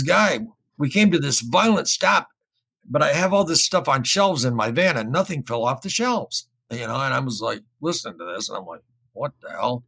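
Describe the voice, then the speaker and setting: Gravelly, husky-voiced man telling a story. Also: medium pitch. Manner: rambling, repeats words, animated when quoting others. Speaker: guest recounting an experience. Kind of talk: casual spoken storytelling.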